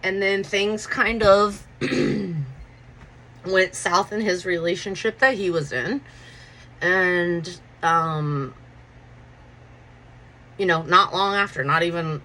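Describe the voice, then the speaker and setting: 40s lady spinning a sweary story, bright sharp voice, acts out everyone. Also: lowish voice, slight background noise, low-quality recording. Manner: profane, animated, acts out quotes. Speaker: podcast host. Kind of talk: casual storytelling.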